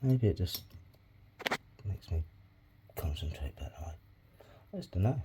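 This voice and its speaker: A man's voice: deep voice, big pitch swings, measured pace, long pauses, warm tone, husky. A man making clay pots as he talks, rambling and swearing freely, often muttering asides under his breath. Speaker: crafting hobby vlogger. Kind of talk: casual crafting tutorial.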